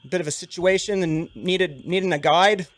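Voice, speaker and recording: Man doing a scruffy friendly guide, tabletop game voice, put-on fantasy accent, high and loud, matey. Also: steady tone, normal speed, natural voice. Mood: chummy. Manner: chummy, loud and easygoing, calls everyone mate. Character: friendly scruffy human male wilderness guide.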